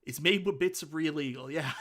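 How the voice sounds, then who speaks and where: A man with a Newfoundland accent hosts a casual live stream, reading viewer comments aloud and chatting between them. His voice sits a little high for a man, and he talks with rambling enthusiasm. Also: a bit bright. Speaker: livestream host.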